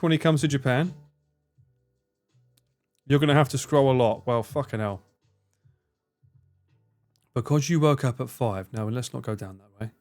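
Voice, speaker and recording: A man streaming live, chatting casually with his viewers, swearing freely, laughing and bantering. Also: mid-range voice.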